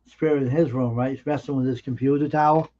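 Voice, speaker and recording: A man with a dark, mellow voice tells stories on a live stream, earnest and emphatic, often pausing and restarting his sentences. The audio is dull and lo-fi. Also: medium pitch, fairly even intonation. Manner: earnest, emphatic anecdote-telling with halting restarts. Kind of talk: casual storytelling on a live stream.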